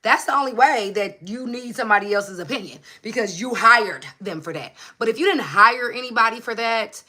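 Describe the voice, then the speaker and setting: A woman's voice: mid-range voice, bright, forceful tone. A woman hosting a casual livestream pep talk, passionate and emphatic, swearing freely and repeating herself for effect, recorded on a phone at home. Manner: emphatic and repetitive. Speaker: motivational channel host. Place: at home under a hot light.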